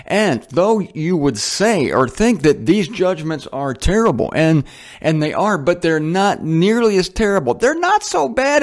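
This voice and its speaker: Guy preaching a bible lesson, kinda high voice, chatty and wandering, slows down hard on the big words. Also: darkish tone. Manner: conversational, rambling asides, dramatic slow emphasis. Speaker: host of a Bible teaching show. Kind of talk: Bible teaching monologue. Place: indoors, a guest home. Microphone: headphones on, talking into a mic.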